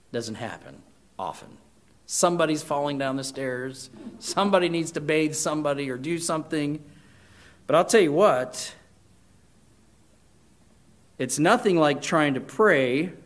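Earnest preaching man, somewhat high voice. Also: fairly bright tone. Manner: earnest, rising to emphatic peaks. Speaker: pastor. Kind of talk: sermon.

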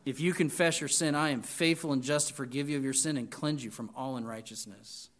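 A man's voice: mid-range voice, fairly quick, a bit bright, slight background noise. A man preaching a sermon to students, reading scripture with emphatic lists and chatty asides. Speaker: pastor.

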